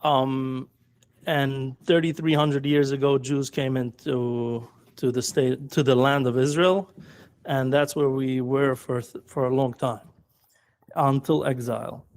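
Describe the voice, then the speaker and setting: A man with a Yiddish accent, a guest in a live audio discussion, explaining patiently and deliberately. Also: medium pitch, fairly even intonation, darkish tone. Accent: Yiddish-accented English. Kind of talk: measured explanation. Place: live audio chat room.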